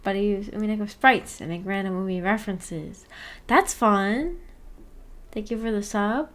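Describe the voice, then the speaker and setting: A woman's voice: medium pitch, moderate pace, a bit bright. A woman streamer chatting casually with her live viewers, rambling and giggling as she reads chat aloud. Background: faint background music.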